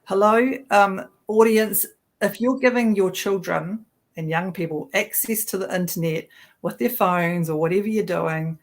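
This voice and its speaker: Kiwi woman hosting a live political chat, lowish voice, sarcastic, keeps restarting lines. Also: moderate pace. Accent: New Zealand. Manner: chatty, sarcastic, restarts sentences. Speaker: co-host of political livestream. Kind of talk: casual political talk show.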